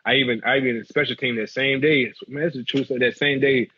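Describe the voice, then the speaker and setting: A man, a former football player telling animated stories in an interview. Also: medium pitch, a little fast, slightly rough. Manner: animated storyteller acting out quotes. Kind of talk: storytelling interview. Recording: muffled lo-fi audio.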